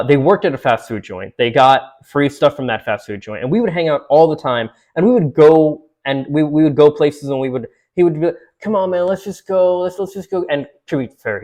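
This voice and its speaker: A man's voice: mid-range voice, darkish tone. A man in his twenties talking casually to camera as a vlogger, rambling with many restarts and fillers, laughing and swearing now and then. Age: 20s.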